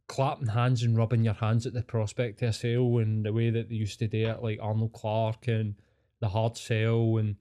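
A man's voice: mid-range voice, warm tone. Sweary Scottish man telling rambling stories. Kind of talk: casual chat.

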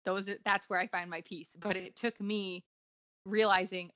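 A woman's voice: medium pitch, little pitch movement, moderate pace, fairly bright tone, dry recording, lo-fi sound. A woman talking earnestly and reflectively in an interview, with frequent fillers and restarts. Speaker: guest author. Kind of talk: conversational interview.

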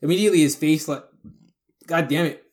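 A man's voice: fairly high pitch, a little fast, a little mellow. A man casually telling a spooky story on a podcast, cursing and rambling, acting out the other people's lines. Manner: profane, rambling, acts out quoted voices. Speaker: podcast co-host.

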